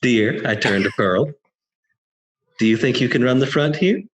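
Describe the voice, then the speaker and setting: A man's voice: mid-range voice, normal speed, low-quality recording. A man playing a tabletop role-playing game, speaking in character as a courteous restaurant owner. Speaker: player.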